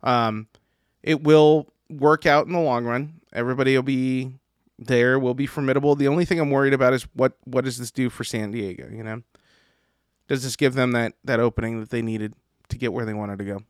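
A man co-hosting a casual sports podcast, talking in an animated, joking way. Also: medium pitch, brisk, clear, resonant tone, no echo, clean studio sound. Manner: animated, does excited impressions in stories. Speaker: podcast co-host.

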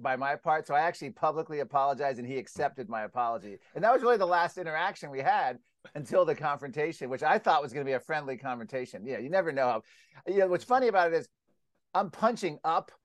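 American man, interview guest; fairly high voice, rambling animated delivery, dry close mic. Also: no room sound. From United States. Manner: animated, rambling with restarts, acts out quotes loudly. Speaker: guest, climate skeptic publisher. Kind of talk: casual interview storytelling.

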